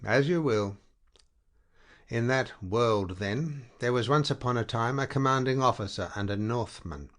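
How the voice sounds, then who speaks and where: A man voicing a tired army officer in a spoken story, with a flat, dryly ironic delivery. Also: medium pitch, measured pace, voice pushed up, lightly acted. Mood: resigned. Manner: dead, even tone with dry irony.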